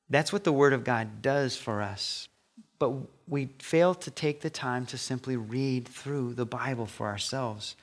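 A man preaching a sermon as pastor. His voice sits at an average pitch, and he leans on key words with slow, deliberate pauses. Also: fairly bright tone. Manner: emphatic preaching, stressing single words with pauses.

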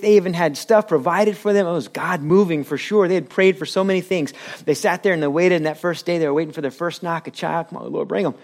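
A man preaching a sermon in a church, animated and laughing with the audience, acting out quotes. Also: sits high. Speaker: pastor.

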